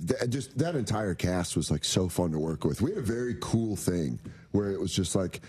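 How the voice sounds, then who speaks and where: A man, a comedian and actor, telling animated, laughing stories as a guest in a casual interview. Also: low-pitched, normal speed, husky.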